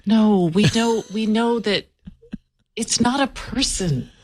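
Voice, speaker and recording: A woman's voice: on the high side, takes it slowly. A woman journalist co-hosting a casual talk show, earnest and exasperated as she pushes back. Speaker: journalist co-host. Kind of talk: casual chat.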